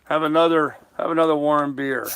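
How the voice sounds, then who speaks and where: A man's voice: a little high, fairly even intonation, a little fast, a bit bright, a little hiss or hum. Laid-back older man chatting from his boat. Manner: easygoing, chatty, joking, laughs at his own jokes. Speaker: sailing vlogger on a live stream. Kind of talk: casual live-stream chat, reading viewer comments. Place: small sailboat cabin on a lake.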